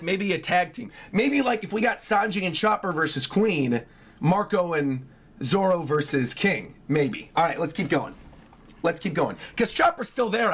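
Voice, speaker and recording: Hoarse, excitable male streamer. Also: sits high. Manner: excitable, chatty, reads along and talks to chat. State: hoarse from yelling the night before. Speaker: streamer reacting to a manga chapter. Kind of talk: livestream reaction, thinking aloud.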